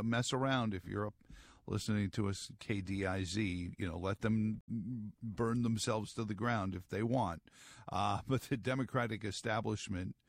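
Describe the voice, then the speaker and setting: A man's voice: fairly low pitch, no room sound, studio quality. A middle-aged man hosting a morning radio talk show, rambling through news with wry asides and lots of fillers.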